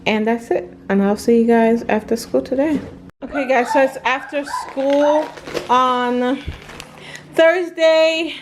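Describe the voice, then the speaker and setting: A woman from Jamaica hosting a casual family vlog at home, chatting in an unhurried way with many filler words. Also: high-pitched, steady tone. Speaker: mother and family vlog host. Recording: noisy home recording.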